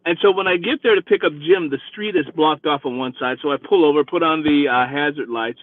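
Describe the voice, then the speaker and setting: A man with a fairly high voice hosts his vlog, retelling a ride in a chatty, animated way. The sound is dry and close. It has the thin, narrow band of a phone line. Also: fairly quick, dry recording. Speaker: rideshare driver and vlog host. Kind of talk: casual storytelling.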